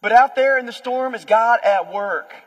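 A young adult man, a pastor, preaching a conversational sermon with lively storytelling. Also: very high-pitched, normal speed. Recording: long hall reverb.

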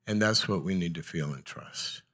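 A man's voice: low-pitched, normal speed. A middle-aged man, a psychologist, giving a humorous talk to an audience and acting out dialogue in his anecdotes. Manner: animated, acts out dialogue in anecdotes. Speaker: psychologist and speaker.

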